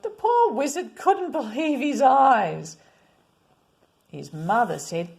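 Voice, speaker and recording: A woman reading a children's picture book aloud, expressive, at times dropping to a whisper. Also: high voice, slow pace, gravelly, breathy edge. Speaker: storyteller.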